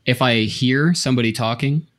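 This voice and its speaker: A man's voice: mid-range voice, moderate pace, a bit bright. A man co-hosting a podcast, chatting casually and thoughtfully with frequent restarts. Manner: thoughtful, talks in restarts and asides. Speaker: podcast co-host. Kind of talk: casual chat.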